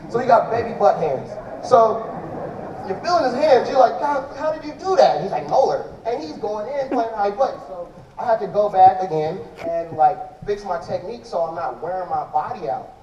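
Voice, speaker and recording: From a big indoor hall stage, a man fields audience questions about his drumming in a loose, slangy, rambling way, often restarting sentences. His high, warm voice is expressive at a normal speed; the distant recording is dull and echoey with a little hiss or hum.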